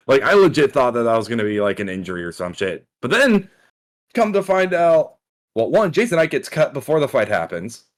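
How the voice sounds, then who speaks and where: A young man chatting loosely on a combat sports podcast. He rambles and restarts his sentences, leaning on "like" as he works through his points. His voice sits at an ordinary middle pitch. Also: big pitch swings, brisk. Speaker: podcast co-host. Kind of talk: casual combat sports chat.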